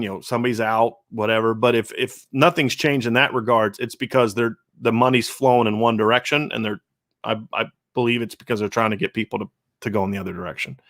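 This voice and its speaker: Reading out viewer comments and answering them, a male show host keeps his live stream conversational and earnest, restarting his sentences often. His medium-pitched voice is a bit bright, captured in studio quality with no room sound.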